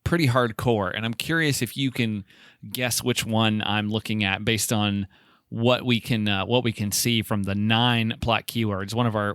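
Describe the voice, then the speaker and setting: A man's voice: fairly low pitch, fairly bright tone, no room sound, studio quality. A man co-hosting a podcast in casual banter, joking and laughing as he riffs on ideas. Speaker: podcast co-host.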